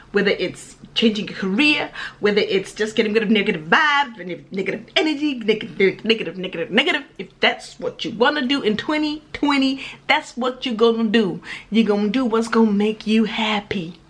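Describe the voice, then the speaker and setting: A woman talking straight to camera in a casual vlog, sassy and emphatic, stacking up repeated phrases. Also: mid-range voice. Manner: sassy and emphatic, lively repetitions. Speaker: vlogger.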